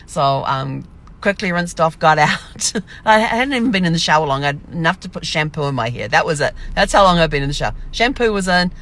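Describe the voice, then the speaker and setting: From her camper, a woman vlogger rambles through a casual diary entry, acting out her own remarks as she tells it. Her voice sits on the low side with a fairly bright tone.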